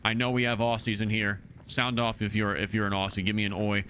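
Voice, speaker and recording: A man's voice: lowish voice, little pitch movement, fairly quick, bright, forceful tone, slight background noise. A young American man streaming live, chatting casually with his viewers, reading chat aloud in a brash, joking, profane way. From United States. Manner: reads and answers chat aloud. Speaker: game streamer.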